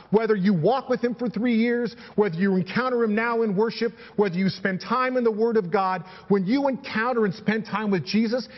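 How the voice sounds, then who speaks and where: Animated preaching man in a reverberant hall. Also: sits high, muffled recording. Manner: preaching with scripture readings and repeated phrases. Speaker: pastor. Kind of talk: sermon.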